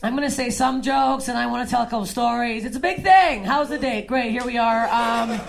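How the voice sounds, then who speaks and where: Gravelly high-voiced woman doing stand-up. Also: a little fast, a little hiss or hum. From Canada. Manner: deadpan, swinging between low mutters and loud shouts. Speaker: stand-up comic. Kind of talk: stand-up set. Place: comedy club stage.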